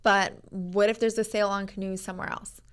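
A woman's voice: medium pitch, fairly even intonation, fairly quick, clear, resonant tone. Teasing woman laughing along. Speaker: podcast co-host. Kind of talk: casual chat.

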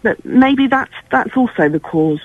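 A woman's voice: fairly high pitch, expressive, measured pace. Earnest woman on a dull phone-in line. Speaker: caller. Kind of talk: phone-in call.

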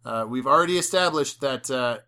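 A chatty podcast co-host retelling a film's plot in a casual discussion. The voice sits at a middle pitch and moves through the story with quoted lines. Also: a little fast, bright, forceful tone.

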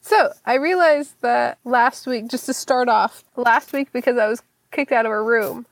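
Young woman cohost, laid back, kinda high voice with a bit of fry. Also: normal speed, dry recording. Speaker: podcast co-host. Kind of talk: casual chat.

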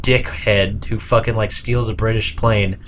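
A man's voice: fairly low pitch, fairly even intonation, measured pace, a bit bright, slight background noise. A man chatting casually about video games, rambling with lots of "like" and swearing. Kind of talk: casual gaming chat.

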